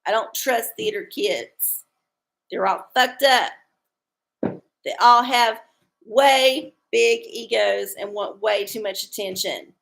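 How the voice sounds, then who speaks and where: Gravelly-voiced irreverent woman streamer. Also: on the high side, takes it slowly, a bit bright. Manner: irreverent, rambling, crude jokes, chuckles often. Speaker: tarot-reading livestream host. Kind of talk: casual livestream chat answering viewers.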